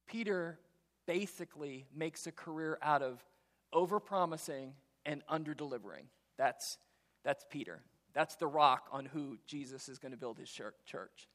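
A man preaching a sermon as pastor, in a conversational way that slips into quick impressions of biblical characters. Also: on the high side, fairly bright tone. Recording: long reverb of a large hall.

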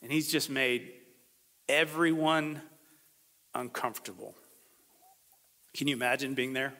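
A man preaching a sermon as a pastor, talking in a conversational, animated way and acting out the voices he quotes. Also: mid-range voice, a little slow. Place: church sanctuary. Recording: long hall reverb.

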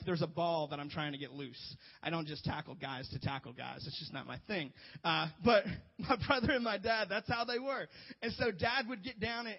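A man preaching as a youth pastor, earnest and emphatic, with joking asides. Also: a little high. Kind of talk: sermon. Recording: dull lo-fi sound.

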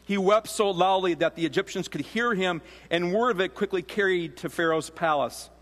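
A pastor giving a sermon in a relaxed, conversational teaching manner, often restarting phrases and adding asides. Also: male voice, high voice, normal speed. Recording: long reverb of a large hall.

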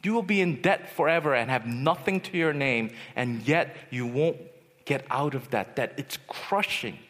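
A man's voice: mid-range voice, moderate pace. A young man preaching at a youth retreat, telling personal stories and acting out the voices in them. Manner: animated storyteller, acts out voices. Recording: long hall reverb.

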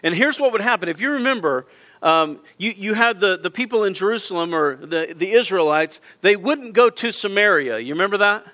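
Bright, high-voiced impassioned male preacher. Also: lively intonation, brisk. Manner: impassioned, repetitive preaching with direct appeals. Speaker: pastor. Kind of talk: sermon. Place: church auditorium.

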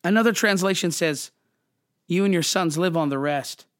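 A man's voice: high voice, normal speed, a bit bright, no echo, studio quality. Fervent man preaching on a podcast. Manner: fervent and emotional, restarts and apologizes. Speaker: podcast host.

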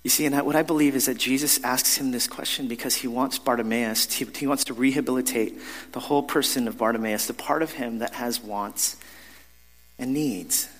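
A man pastor delivers a sermon in a chatty, self-mocking storytelling manner, often restarting his sentences. His mid-pitched voice carries a long echo through a large church hall. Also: fairly even intonation, a little fast, a bit bright. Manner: conversational, self-deprecating storytelling with frequent restarts.

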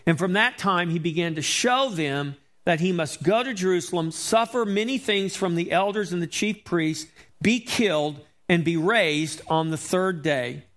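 A man with a somewhat high voice preaches a sermon as a pastor. He reads scripture aloud and explains it with emphasis, often putting rhetorical questions to his listeners. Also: normal speed, a bit bright.

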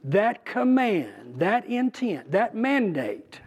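Man, bible teacher, high-pitched, conversational, emphatic. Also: big pitch swings, darkish tone, breathy edge. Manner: conversational, emphatic, with pauses and restarts. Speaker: preacher.

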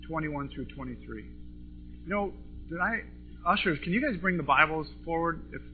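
A man preaching a sermon to a congregation, impassioned, swinging between loud and soft. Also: a little high. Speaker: pastor. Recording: tinny phone-like recording with faint music.

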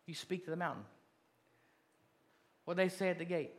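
A pastor delivering a church sermon, his voice sitting a touch higher than most men's. He speaks with plain, steady conviction and swings between quiet, intimate passages and loud rallying calls. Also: normal speed, long pauses. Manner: preaching, building from soft to loud calls.

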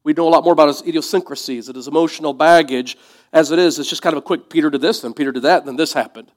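A man's voice: on the high side, very fast. Conversational, reflective male preacher. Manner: conversational, reflective, drops to soft asides. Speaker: pastor. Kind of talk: sermon.

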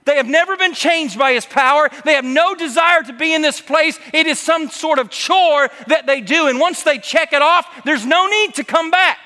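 A man preaches a lively sermon in a church sanctuary. His voice sits very high for a man and rings bright and forceful. A long reverb from the hall trails each phrase. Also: moderate pace, hardly any pauses. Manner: animated preaching, acts out quoted voices. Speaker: pastor.

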